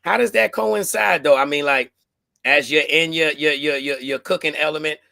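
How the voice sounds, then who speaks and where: A man's voice: fairly high pitch, normal speed, gravelly, sharp tone, dry recording, clean studio sound. A middle-aged man hosting a podcast in laid-back slangy chat, often repeating words as he goes. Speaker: podcast host. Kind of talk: casual chat.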